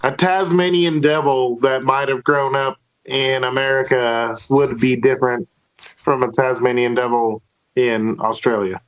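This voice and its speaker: Man chatting over dull lo-fi call audio. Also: mid-range voice. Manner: animated, acts out accents in quick bits. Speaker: podcast co-host. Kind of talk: casual remote group chat.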